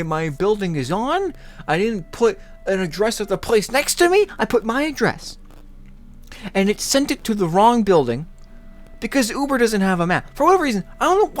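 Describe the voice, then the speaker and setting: A channel host venting an angry rant directly to the viewer. The voice swoops far up and down, and the speaker curses, repeats the same complaint over and over, and breaks into exasperated laughter. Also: mid-range voice. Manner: ranting, swearing, exasperated laughter between lines; repeats phrases in frustration.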